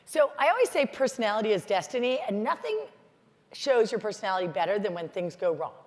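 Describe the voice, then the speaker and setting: A woman's voice: mid-range voice, fast talker. Chatty American woman speaking in a hall. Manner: storytelling, animated, chatty with many "like"s. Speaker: keynote speaker. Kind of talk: motivational conference talk. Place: large conference hall. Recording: hall reverb from a stage mic.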